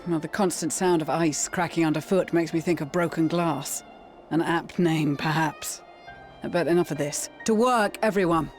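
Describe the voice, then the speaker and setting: An actor voicing a calm military leader in a video game cutscene, giving orders in a measured way. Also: medium pitch, faint music behind, close to an everyday voice. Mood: commanding.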